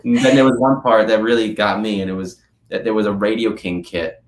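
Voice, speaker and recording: Interviewed as a guest drummer in an echoey room, a young man with a lowish voice talks a little fast. The casual chat finds him telling stories animatedly and saying "like" a lot.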